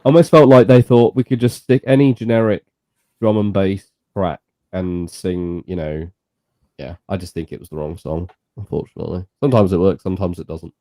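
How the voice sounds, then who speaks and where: A man's voice: low voice, normal speed, mellow, no echo. A man co-hosting a podcast, chatting casually and giving blunt, opinionated takes, swearing now and then. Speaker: podcast co-host. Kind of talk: casual chat reacting to music.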